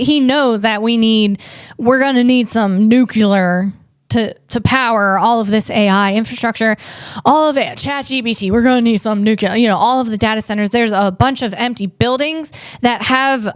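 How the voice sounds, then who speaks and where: A woman's voice: on the high side, no echo, clean studio sound. A woman hosting a comedy podcast, riffing casually and interrupting herself as she talks. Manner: chatty, riffing, self-interrupting.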